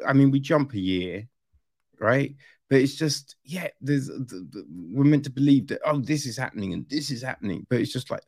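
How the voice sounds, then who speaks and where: Gravelly man rambling through a film review. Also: mid-range voice, no room sound, clean studio sound. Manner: rambling, conversational, frequent "right?" asides. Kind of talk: casual film review chat.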